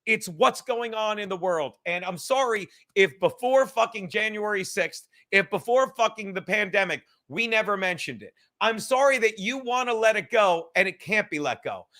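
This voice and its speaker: Man, podcast host, high bright voice, profane rambling rant. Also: expressive, moderate pace, few pauses. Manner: profane, rambling, sarcastic, heavy swearing. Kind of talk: casual rant.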